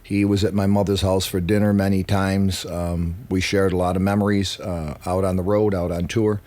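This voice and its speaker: Low-voiced male musician guest, casual and profane, animated storyteller. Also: moderate pace. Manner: animated, swears freely, acts out quotes.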